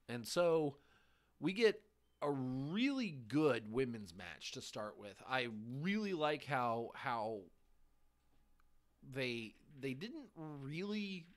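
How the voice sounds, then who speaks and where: A man hosting a podcast, giving a casual recap of a televised show in a halting way, pausing between short phrases. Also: medium pitch, big pitch swings. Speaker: podcast host.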